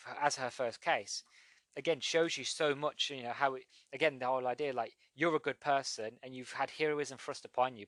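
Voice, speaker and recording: Podcast host, male, casual rambling comic review, mid-pitched, dry close recording. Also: fairly bright tone, no room sound. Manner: rambling, many restarts and "you know".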